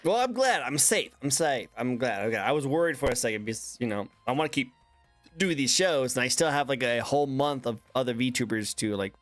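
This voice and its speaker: A man's voice: mid-range voice, expressive, a little fast, fairly bright tone, dry recording, faint music behind. Casting: man, talk show host, playful banter, laughs often, dry close sound. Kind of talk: casual interview chat.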